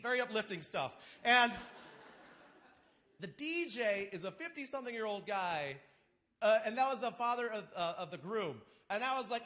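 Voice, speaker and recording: Speaking at normal speed into a stage mic, a man entertains an audience in a big theater with a comic story. His voice is high and lively, swinging up and down toward each punchline as he animatedly performs his friends' lines.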